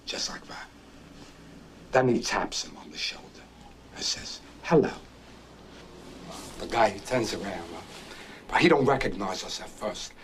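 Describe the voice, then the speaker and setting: An actor playing a rambling racetrack storyteller. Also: male voice, mid-range voice, slight background noise, natural voice. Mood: conspiratorial. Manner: rambling, keeps prodding his listener with "right?". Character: restless, boastful young man spinning a racetrack story. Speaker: actor in a film drama. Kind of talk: stage-play film acting.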